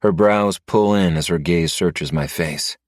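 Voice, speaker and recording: Very deep male storyteller, dry sound. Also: measured pace, no echo. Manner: low, steady first-person storytelling. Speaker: narrator. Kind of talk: scripted narration.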